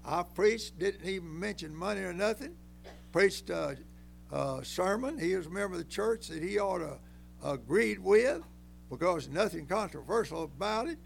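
An older preacher in a high, gravelly voice. He delivers a folksy sermon in emphatic bursts, rising loud and then dropping low. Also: lively intonation, normal speed, slight background noise.

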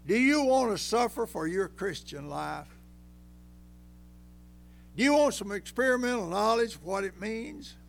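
An older man preaching a folksy, emphatic sermon that climbs to loud peaks and then drops low. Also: expressive, measured pace, creaky, long pauses, soft background music.

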